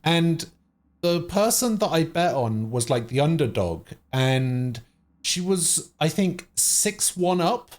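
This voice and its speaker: Animated man telling a story. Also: fairly high pitch, takes it slowly. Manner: animated storyteller, swears freely. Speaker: streamer host. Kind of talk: casual chat on a livestream.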